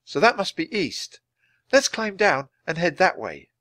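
Man voicing an excited young girl. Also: dry recording, studio quality, full character voice. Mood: eager. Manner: high, quick, cheerful.

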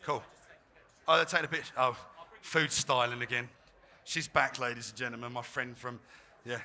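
On a trade fair demo stage, a chef gives a live cooking demonstration, chatty and self-deprecating. His medium-pitched voice is steady, bright and forceful, at normal speed.

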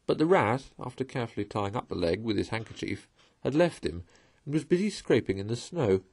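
A man reads a classic storybook aloud in an expressive way. His voice is husky and sits at an ordinary pitch, rising and falling in a lively way. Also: fairly quick, no echo. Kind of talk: storybook reading.

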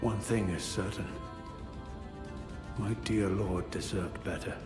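A bitter aristocratic knight speaks with an upper-class English accent in a game. His lowish voice is measured and disdainful. It echoes down a long hall. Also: steady tone, a little mellow, faint music behind.

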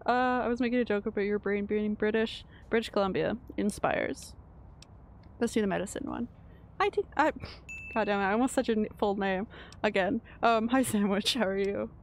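A woman's voice: mid-range voice, normal speed, slight background noise. A Canadian woman streaming a video game, chatting casually with her viewers and laughing often. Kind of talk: casual gameplay commentary.

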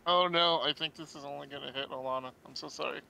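A man's voice: a little high, fairly even intonation, quick pace, creaky, sharp tone, low-quality recording. A man chatting casually and joking during a card game with friends. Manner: joking, laughs often. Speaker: player. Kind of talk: casual chat while playing a card game.

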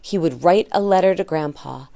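A woman reading a children's story aloud for a lesson, slow and deliberate. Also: fairly low pitch, vocal fry, dark tone. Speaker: story reader.

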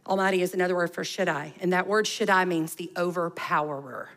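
A woman's voice: fairly low pitch, fairly quick, fairly bright tone. A woman, preaching a conversational sermon full of rhetorical questions. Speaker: pastor.

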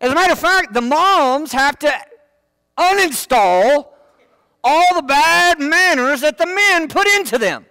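A man's voice: extremely high pitch, lively intonation, a little slow, sharp tone, dry recording. A man preaching a sermon in church, folksy and full of joking asides. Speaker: pastor.

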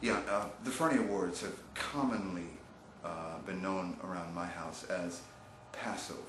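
A man's voice: deep voice, normal speed, echoey room, very noisy. A man co-hosting a jokey mock-broadcast preview, slipping into self-pitying, whiny asides. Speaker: co-host of a video preview.

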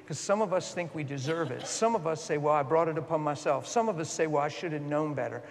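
A man preaching a storytelling sermon, swinging from hushed asides to loud, impassioned peaks. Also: on the high side, quick pace. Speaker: guest preacher. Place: church sanctuary. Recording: long church hall reverb.

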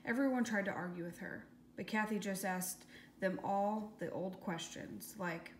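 A woman's voice: medium pitch, unhurried. Woman, rhyming storybook narration, lilting sing-song, echoey room, faint hiss. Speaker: audiobook reader.

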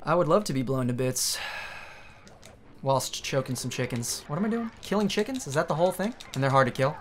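Excitable swearing man playing a video game. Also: fairly high pitch, brisk, slight background noise. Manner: excitable, swearing, joking at the screen. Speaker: let's play streamer. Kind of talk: profane gaming commentary.

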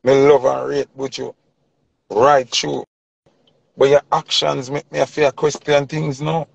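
Gravelly Jamaican man ranting in patois. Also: mid-range voice, level tone, slow, no room sound, lo-fi sound. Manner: patois-heavy, preachy, repeating points for emphasis. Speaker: commentator. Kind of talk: impassioned opinion rant.

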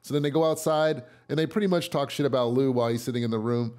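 A man casually recapping a TV episode in a chatty way, with fillers and repeated starts, getting loud and excited at big moments. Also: medium pitch, fast.

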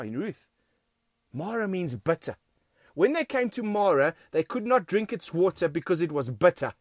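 A man's voice: high-pitched, no room sound, studio quality. A man with a South African accent preaching a sermon in a church, emphatic and repeating key phrases, often calling the congregation friends. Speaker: pastor.

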